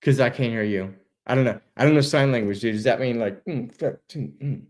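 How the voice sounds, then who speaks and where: Animated man chatting over a video call. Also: mid-range voice, brisk. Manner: animated, laid-back, says dude a lot, swears. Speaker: interview guest. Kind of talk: casual storytelling.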